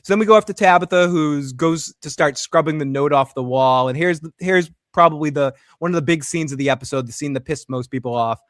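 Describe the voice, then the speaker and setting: A man's voice: fairly high pitch, brisk, hardly any pauses, no room sound, clean studio sound. A man hosting a casual recap show, acting out characters' lines as he retells scenes. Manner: animated, acts out characters' lines while recapping. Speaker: podcast host.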